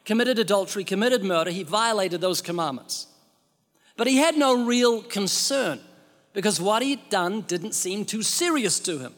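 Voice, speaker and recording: A man's voice: sits high, a bit bright, big-room sound. A man preaching a sermon in an emphatic way, asking rhetorical questions.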